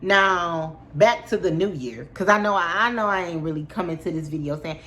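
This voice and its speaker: Low-voiced chatty woman vlogger. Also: moderate pace, few pauses. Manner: chatty, slangy and expressive. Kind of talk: casual storytime chat to camera.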